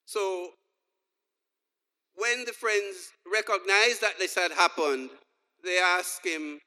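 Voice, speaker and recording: Bright-voiced preacher in a hall. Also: male voice, high-pitched, takes it slowly, pauses often. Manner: storytelling with jokes, acting out dialogue. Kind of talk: sermon. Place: church hall. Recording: long reverb of a large hall.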